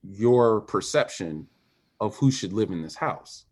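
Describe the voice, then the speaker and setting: A man who is a former Olympic swimmer, a podcast guest telling a personal story in a candid and emphatic way, dropping quiet and then rising. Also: lowish voice, slow pace. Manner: animated, emphatic, swings between quiet and raised.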